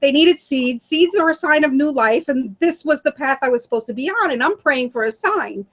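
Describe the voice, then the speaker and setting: This is a middle-aged woman with a high voice and normal speed, appearing as an interview guest. She tells her story animatedly, laughing a lot and playing out the words of other people.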